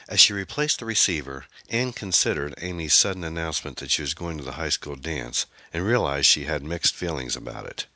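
A man with a low voice narrates an audiobook with lively, varied intonation. His tone is bright and clear, and the recording is close and dry, with no room sound. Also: dry recording. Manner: measured, expressive storytelling.

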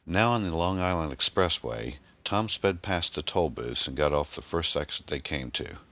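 A man narrating an action story in a brisk, dramatic audiobook style and voicing the male lead. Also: rumbling low, lively intonation, sharp tone, no room sound. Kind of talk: audiobook narration with character voices.

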